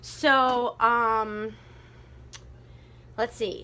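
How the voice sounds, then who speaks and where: A woman teacher giving a recorded lesson, thinking aloud and slowly sounding out syllables. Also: on the high side, expressive, sharp tone.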